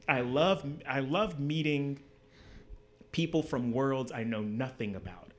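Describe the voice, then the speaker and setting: A man's voice: mid-range voice, takes it slowly. A man, a guest on a podcast, telling a story casually and acting out the voices of the people in it. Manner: animated storyteller, acts out dialogue with big swings in voice. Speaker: interview guest, designer.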